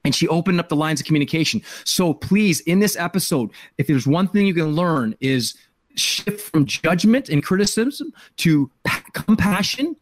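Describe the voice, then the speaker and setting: A man's voice: fairly high pitch, lively intonation, normal speed, no room sound. A middle-aged man hosting a podcast, telling an emotional personal story in an earnest way and often repeating words as he searches for them. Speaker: podcast host.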